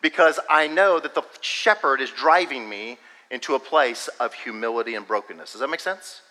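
A man's voice: mid-range voice, moderate pace, pushed and bright. A man preaching a sermon as pastor, earnest and confiding, drawing out words for emphasis. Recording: long hall reverb.

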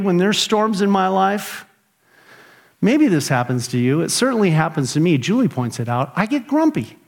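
A high-pitched, middle-aged pastor preaches a sermon with animated earnestness. He acts out his own prayers and his grumbling.

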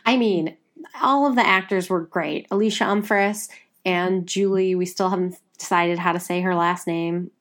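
A woman's voice: fairly low pitch, moderate pace, fairly bright tone. Chatty Midwestern woman podcaster. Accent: Midwestern American. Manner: chatty, rambling, says like a lot. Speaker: podcast co-host. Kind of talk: casual chat.

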